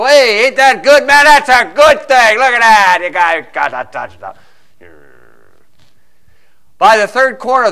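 Man preaching, high bright voice, animated storytelling with acted-out asides. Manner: animated storytelling, acting out fans in quick asides. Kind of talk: sermon with a sports illustration.

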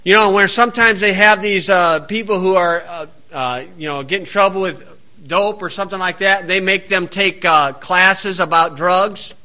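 A man preaching a folksy sermon, reading scripture slowly and then drifting into plain-spoken anecdotes. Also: sits high, bright, forceful tone.

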